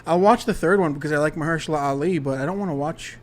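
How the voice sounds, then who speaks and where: There's a slight hiss or hum behind this fast, somewhat high male voice. He's hosting a solo comedy podcast, rambling profanely and interrupting himself mid-thought.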